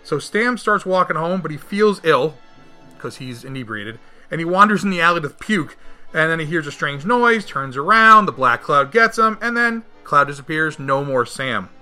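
A man recapping a movie in casual chat, animated and acting out the characters' lines. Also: normal speed, faint music behind. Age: adult, married. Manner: animated, acts out quotes with big jumps in pitch. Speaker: podcast co-host reviewing a film.

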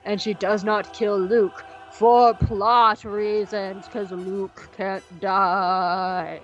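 A woman co-hosting a podcast, recapping in casual chat that is rambling and jokey, with quick asides. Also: medium pitch, flat delivery, dull audio, faint music behind. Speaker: podcast co-host.

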